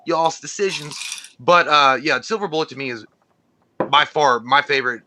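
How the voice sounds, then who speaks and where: A man's voice: on the high side, normal speed, sharp tone, a little hiss or hum. A man co-hosting a casual movie podcast, profane and joking, laughing often. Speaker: podcast co-host. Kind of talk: casual chat.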